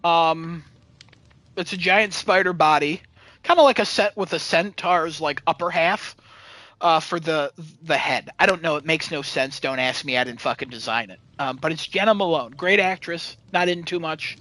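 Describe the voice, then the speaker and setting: Man, high bright voice, rambling sarcastic movie rant, swears a lot, dry close sound. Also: normal speed, no echo, low-quality recording. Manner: rambling, sarcastic, swears freely, many fillers. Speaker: podcast host. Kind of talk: casual chat, recapping a movie.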